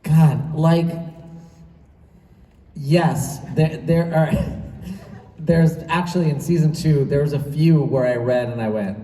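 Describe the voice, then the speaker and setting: A man's voice: fairly high pitch, slow. A man, a voice actor on a convention panel, answering hesitantly with fillers and laughs, recorded from the audience on a phone. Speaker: voice actor guest. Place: large convention hall. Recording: echoey hall, far off, loud crowd.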